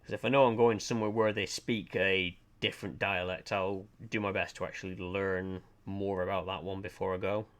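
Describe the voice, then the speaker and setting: A man's voice: low voice, level tone, brisk, few pauses, fairly bright tone. A man from the United Kingdom chatting casually on a live stream, musing and hesitant, with many fillers.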